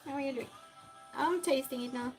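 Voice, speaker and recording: A woman's voice: high-pitched, fairly quick, darkish tone, soft background music. A woman streamer chatting casually with her viewers while she cooks in her home kitchen, talking to herself as she works. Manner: chatty, talks to herself and to chat while cooking. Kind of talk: casual livestream chat while cooking.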